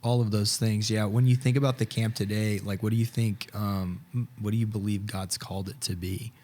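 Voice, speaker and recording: Low-voiced male podcast host. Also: steady tone, brisk, mellow. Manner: encouraging, with short interjections. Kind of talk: casual interview chat.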